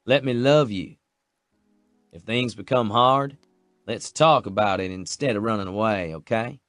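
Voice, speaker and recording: A man's voice: lowish voice, a little slow, fairly bright tone, dry recording, studio quality, faint music behind. Tender man narrating a romance audiobook. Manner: tender, earnest, protective.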